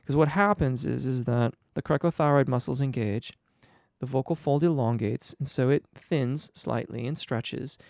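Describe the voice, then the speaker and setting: A male singing teacher answering viewer questions live, a bit under the weather, explaining in a relaxed way with frequent ums and restarts. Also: medium pitch, moderate pace, gravelly, dry recording, studio quality. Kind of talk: live Q&A on voice technique.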